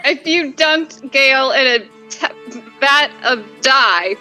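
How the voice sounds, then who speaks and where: A woman playing a tabletop game, chatting in a giggly, animated way. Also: sits high, slow, faint music behind, low-quality recording. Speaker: player. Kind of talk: casual chat during a tabletop game.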